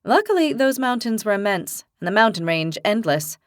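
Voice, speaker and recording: A woman reading a fantasy audiobook in a clear, even storytelling voice. The recording is dry and close to the mic, with no room sound. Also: mid-range voice, normal speed, no echo. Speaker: audiobook narrator. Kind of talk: scripted narration.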